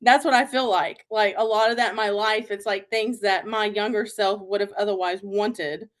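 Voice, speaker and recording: A woman's voice: medium pitch, steady tone, normal speed. A young adult woman hosting a podcast, chatting casually in a rambling way with lots of fillers and giggles. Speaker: podcast host. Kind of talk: casual chat.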